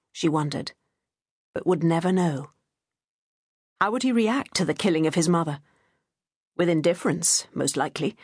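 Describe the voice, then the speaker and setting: Husky-voiced woman narrating an audiobook. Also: fairly low pitch, no room sound, studio quality. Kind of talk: scripted narration.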